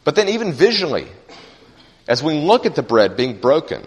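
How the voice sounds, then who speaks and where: A man's voice: fairly high pitch, very animated, moderate pace. A male pastor preaching a sermon, earnest and emphatic, repeating phrases for stress. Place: church sanctuary. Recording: church sanctuary with long reverb.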